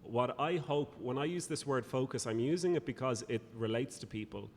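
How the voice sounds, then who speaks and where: A man's voice: medium pitch, normal speed. A man with an Irish accent, speaking as a guest in a podcast interview in a thoughtful, lilting way. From Ireland. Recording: reverberant room with faint noise.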